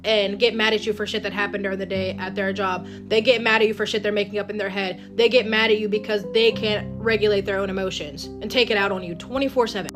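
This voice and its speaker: A woman delivering a heated, blunt rant and swearing freely. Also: medium pitch. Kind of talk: angry ranting monologue. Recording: guitar music behind the voice.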